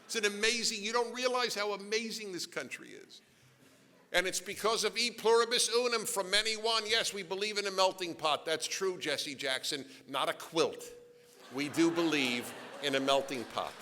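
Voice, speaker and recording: A middle-aged man giving a lecture to a live audience, animated, joking in asides and firing off rhetorical questions. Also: high voice, normal speed. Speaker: author giving a talk. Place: large event hall. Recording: long hall reverb.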